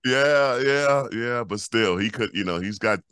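A man in his fifties from Los Angeles, a co-host telling stories in a lively, repetitive way on a casual podcast. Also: mid-range voice, measured pace, clear, resonant tone, dry recording, studio quality. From Los Angeles, USA. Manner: animated storyteller, repeats words when excited. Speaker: co-host, former pro basketball player.

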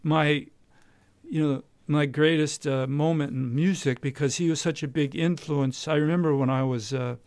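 A man, a jazz guitarist and podcast host from Southern California, telling a long anecdote in a casual interview, with many pauses and quoted dialogue. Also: on the high side, steady tone, a little mellow, no room sound. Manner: rambling anecdote with many uhs, quoting others.

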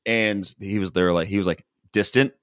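A man's voice: lowish voice, moderate pace, clean tone, no echo, studio quality. A man hosting a podcast, telling a reality-show recap in casual chat and acting out the people's lines. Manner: animated storytelling, acts out quotes from the show.

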